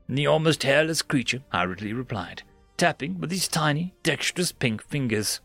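A man's voice: mid-range voice, normal speed, creaky, no room sound, faint music behind. A man narrating a science fiction story dramatically, rising and dropping his voice for effect. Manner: expressive, rises and drops for drama.

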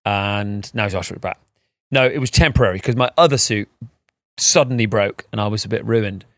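A man hosting a podcast in casual chat, rambling and animated and laughing often, recorded outdoors in a garden. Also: on the low side, a little fast, dry recording, studio quality. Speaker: podcast host.

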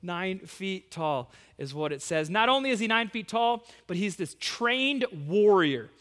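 A male preacher retelling a story in an animated, casual sermon full of slang asides. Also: sits high, unhurried. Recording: long hall reverb.

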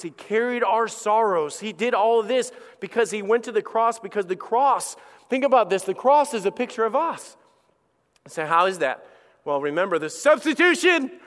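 A man's voice: high-pitched, lively intonation, normal speed, a bit bright. A middle-aged male pastor preaching an impassioned sermon, acting out the voices of his listeners. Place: church auditorium. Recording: long reverb of a large hall.

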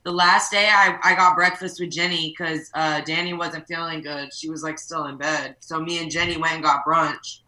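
A woman's voice: deep voice, fairly even intonation, normal speed, hardly any pauses, pushed and bright, reverberant, low-quality recording. A young woman chatting on a livestream with friends, rambling with lots of fillers. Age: young adult. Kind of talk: casual chat.

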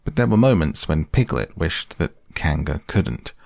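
Deep gravelly man reading a storybook. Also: very animated, unhurried, darkish tone, dry recording, clean studio sound. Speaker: narrator.

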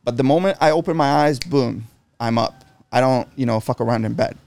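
A man's voice: mid-range voice, fairly quick, vocal fry, darkish tone, no room sound. A middle-aged man in casual chat, talking bluntly with lots of swearing and restarts. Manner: blunt and profane, frequent restarts.

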